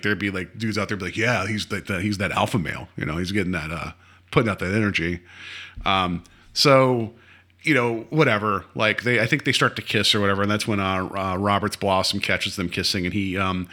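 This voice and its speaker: A man co-hosting a podcast, recapping an episode in casual chat, animated and mocking, often mimicking the characters. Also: on the low side. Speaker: podcast co-host.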